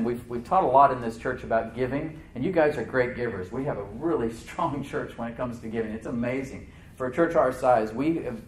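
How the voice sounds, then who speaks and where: A male pastor delivering a sermon in a church, moving between loud emphatic bursts and low, quiet asides. He talks conversationally and often restarts his words. A faint hiss sits under his voice. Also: reverberant.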